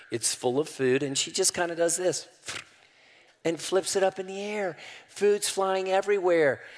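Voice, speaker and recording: An older man preaching a sermon, folksy and calling the crowd y'all, rising loudly when he quotes scripture. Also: a little high. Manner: preaching with sudden loud rises to quoted scripture. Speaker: pastor. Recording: long hall reverb.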